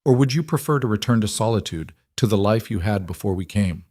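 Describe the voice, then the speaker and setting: A man reading the lines of a hopeful frontier widow in a soft, earnest voice, in an audiobook. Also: on the low side, expressive, brisk, dry recording, clean studio sound.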